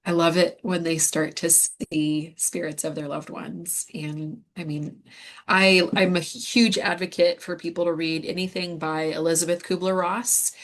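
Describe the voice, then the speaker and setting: Low-voiced woman sharing a personal story. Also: level tone. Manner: candid, halting, with many fillers. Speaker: guest medium.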